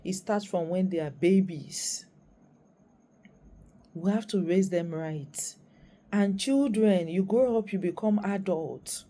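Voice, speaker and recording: A woman's voice: medium pitch, slow, long pauses, dark tone. A Nigerian woman in her thirties with a Nigerian accent, giving impassioned commentary to camera as a vlogger and parent and repeating phrases for stress.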